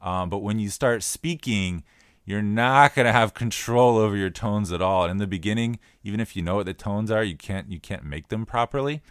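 A man co-hosting a podcast, explaining in a relaxed, casual way and often repeating himself as he works through a point. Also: on the low side, fairly quick, smooth, no room sound, clean studio sound. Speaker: podcast co-host.

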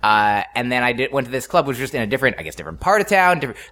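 A man's voice: mid-range voice, sing-song, rapid-fire, pushed and bright. Rambling, self-correcting wry man. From New Jersey. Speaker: comedian guest. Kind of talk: casual podcast chat.

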